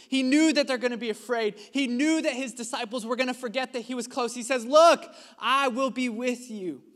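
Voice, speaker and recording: A man preaching a sermon as a pastor, impassioned, acting out quotes and rising to shouts. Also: sits high. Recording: long hall reverb.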